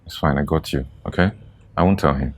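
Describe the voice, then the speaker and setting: A man's voice: a bass voice, a little fast, slight background noise. An actor with a Nigerian accent playing a caring young man who pleads with and soothes a friend, repeating his words. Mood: soothing.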